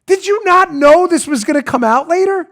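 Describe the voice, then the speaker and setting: A male podcast host with a very high voice, speaking at normal speed, rants with animated energy. His opinionated talk-show monologue is emphatic and sarcastic.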